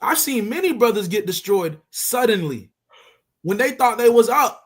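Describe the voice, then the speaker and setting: A man's voice: very high voice, expressive, normal speed. A man teaching scripture in a casual street style, emphatic and conversational, often repeating his points for stress. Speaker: religious teacher.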